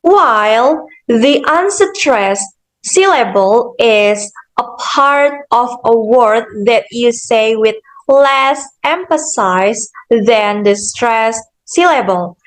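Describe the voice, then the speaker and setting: A young woman student giving a slow, careful class presentation, explaining step by step with frequent "okay" and "so". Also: fairly high pitch, expressive, low-quality recording. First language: Indonesian. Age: young adult. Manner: deliberate, measured, with "okay" and "so".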